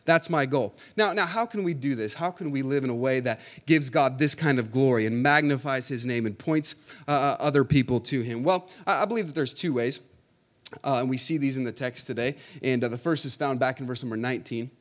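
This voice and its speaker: A pastor preaching a sermon, building from calm explanation to loud, emphatic passages, with repeated words and calls for the congregation to respond. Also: male voice, medium pitch. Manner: rising to emphatic, loud preaching with slow stressed phrases; repeats words and uses audience call-outs.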